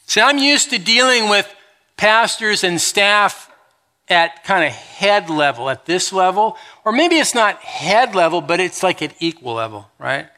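A middle-aged man preaching a sermon as a pastor, telling the story in an animated, conversational way with touches of humor. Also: high voice, measured pace.

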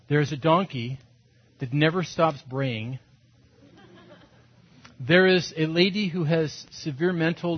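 Husky-voiced male pastor telling stories. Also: a little high. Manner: animated, self-mocking, acts out quotes. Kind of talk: storytelling sermon. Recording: dull lo-fi sound.

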